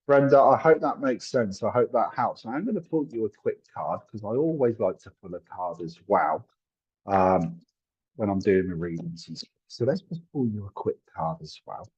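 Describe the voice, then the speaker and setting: A man with a husky, slightly breathy voice gives a live psychic reading. He talks in a chatty, apologetic way, full of fillers and asides. The stream audio sounds dull and lo-fi. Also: lowish voice, expressive, moderate pace, a little mellow. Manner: chatty, apologetic, thinks aloud with many fillers. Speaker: psychic medium.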